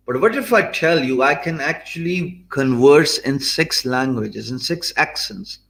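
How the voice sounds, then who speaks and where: A man's voice: medium pitch, expressive, unhurried, gravelly, few pauses, fairly bright tone. Man with a Pakistani accent, echoey room. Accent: Pakistani English. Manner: earnest, many fillers and restarts. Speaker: freelancer. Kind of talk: motivational talk.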